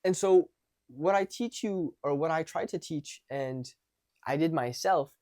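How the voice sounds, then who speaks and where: A man's voice: on the high side, measured pace. A man coaching social confidence, talking casually to camera and acting out example conversations. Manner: animated, acts out example conversations; loose, conversational with frequent restarts.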